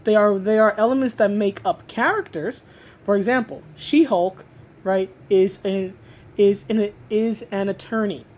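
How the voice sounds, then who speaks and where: A woman's voice: medium pitch, fairly even intonation, measured pace, a little mellow. Woman ranting emphatically about comics. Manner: emphatic, repeats herself and restarts often. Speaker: comic book commentator. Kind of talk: opinionated solo rant.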